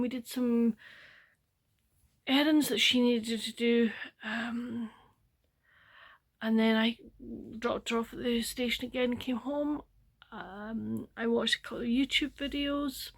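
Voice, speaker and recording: An older woman with a Scottish accent, chatting in a rambling, soft-spoken way for her diary-style book vlog at home, often dropping close to a whisper. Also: a little high. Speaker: book vlogger.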